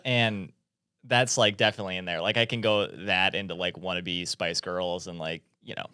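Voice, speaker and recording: Low-voiced easygoing young man. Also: fairly even intonation, normal speed, sharp tone, clear, resonant tone, no echo, clean studio sound. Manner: easygoing, hesitant, full of "like" fillers. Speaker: wedding DJ, podcast co-host. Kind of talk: casual podcast chat.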